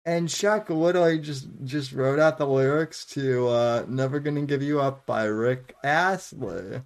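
A man hosting a livestream, talking in halting, stammering bursts and giggling. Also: medium pitch. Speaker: podcast host. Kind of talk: casual banter on a livestream.

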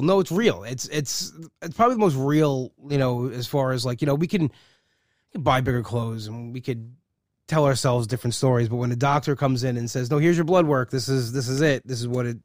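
A man in his forties hosting a podcast, chatting casually from a studio and rambling with many halting restarts. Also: mid-range voice, no room sound. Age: 40s. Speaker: podcast host. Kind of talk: casual chat.

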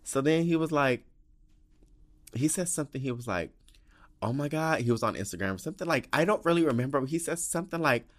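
Man, podcast host, casual solo storytelling, gossipy, animated, swearing, very lively pitch. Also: quick pace. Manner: gossipy, animated, swears a lot, acts out quotes with big pitch jumps. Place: home with cats.

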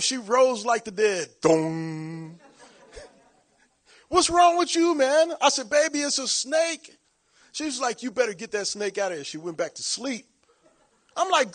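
A man preaches by telling a long, funny personal story. His voice sits high for a man, and he laughs often, breaks into shouts and acts out the voices of the people in it. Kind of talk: storytelling sermon.

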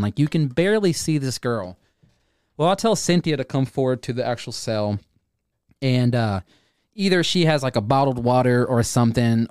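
A man's voice: mid-range voice, darkish tone, no room sound, clean studio sound. A man in his thirties telling haunt stories in a rambling, profane way full of fillers and restarts. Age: 30s. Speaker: haunted attraction actor. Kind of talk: casual storytelling interview.

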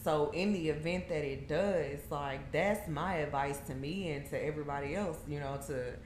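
A woman's voice: sits low, moderate pace, darkish tone. A woman guest in a casual chat, giving blunt, matter-of-fact advice. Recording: echoey room with faint noise.

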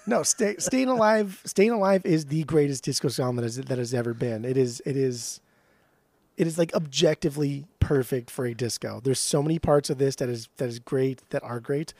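A man co-hosting a podcast, giving loud, profane, emphatic opinions in casual chat. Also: mid-range voice, normal speed, dry recording. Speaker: podcast co-host.

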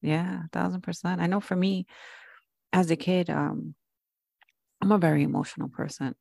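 Expressive woman with a gravelly voice. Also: fairly low pitch, moderate pace, dry recording, studio quality. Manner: expressive, animated, swears casually. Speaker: podcast co-host. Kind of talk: casual conversational podcast.

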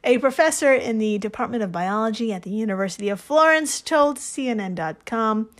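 A woman's voice: fairly high pitch, lively intonation, fairly quick. A woman co-hosting a podcast, telling a story in casual chat, laughing often and swearing freely. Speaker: podcast co-host.

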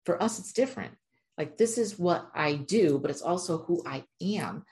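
A woman with a low, deep speaking voice tells a personal story straight to the listener. She talks in an emphatic, chatty way, leaning on fillers like "like" and pressing hard on her points. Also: lively intonation, moderate pace, a little mellow. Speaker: animal communicator. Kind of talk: casual storytelling monologue.

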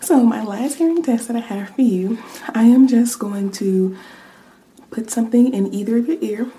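A woman in a whispered role-play, acting as an examiner who gives a hearing test and whispers words softly into each ear. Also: fairly high pitch, rough recording. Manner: soft, slow and soothing, whispering word lists into each ear.

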